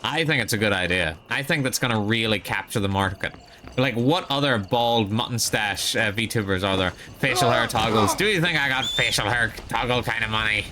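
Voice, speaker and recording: A man's voice: fairly low pitch, normal speed, bright, forceful tone, slight background noise. A man streaming a video game live, chatting casually, joking, swearing and making fun of himself. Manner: joking, swearing, self-mocking.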